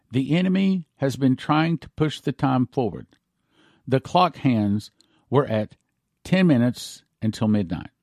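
Pastor preaching a sermon, dry sound. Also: male voice, mid-range voice, darkish tone, no echo. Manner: preaching, reads scripture aloud with slow solemn emphasis.

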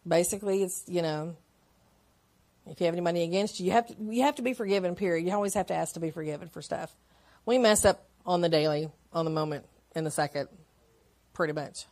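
A woman giving a Sunday school lesson, talking informally with personal stories and reading scripture slowly. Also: lowish voice, a little mellow. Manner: chatty, with personal stories and frequent laughs; reads scripture slowly and deliberately.

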